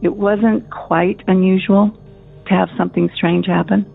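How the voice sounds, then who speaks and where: A woman in her fifties calling in to tell a personal story, chatty and animated, with nervous laughs. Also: mid-range voice, unhurried, creaky, soft background music. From Minnesota. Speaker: caller. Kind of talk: phoned-in story. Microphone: phone. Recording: tinny phone line.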